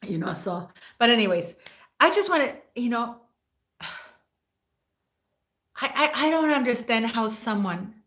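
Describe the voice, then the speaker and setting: A woman's voice: on the high side, animated, unhurried, long pauses, fairly bright tone. A woman hosting a casual livestream, rambling and emotional as she thanks viewers by name. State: near tears at times. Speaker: livestream host.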